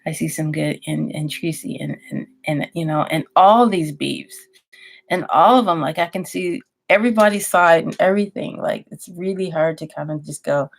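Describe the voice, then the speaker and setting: A YouTuber with a deep, gravelly voice chats casually at her computer at normal speed. She rambles and restarts her sentences as she thinks out loud.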